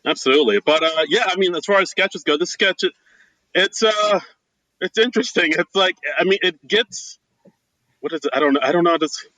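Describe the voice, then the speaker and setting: A man's voice: high voice, fairly quick, sharp tone, no echo, poor audio. A man co-hosting a podcast in casual chat, hesitant and loose, full of "like" and laughs. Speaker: podcast co-host.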